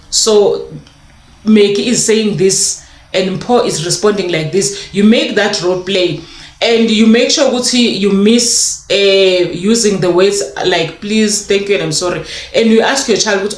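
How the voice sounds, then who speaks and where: A woman talks through parenting tips at an even, middling pitch. She explains patiently and slips into short acted exchanges between parent and child. The room adds a noticeable echo. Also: unhurried. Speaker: parenting educator. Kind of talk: sit-down advice talk.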